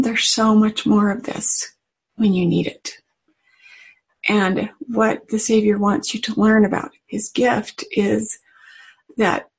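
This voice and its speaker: A woman's voice: a little high, slightly rough, poor audio. A woman telling a devotional story in an earnest, tender manner with emotional emphasis. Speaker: religious speaker.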